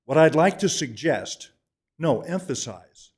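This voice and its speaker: A man's voice: medium pitch, unhurried. A man from Kentucky giving an emphatic, oratorical public comment at a council meeting, repeating points for effect. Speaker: resident speaking at public comment.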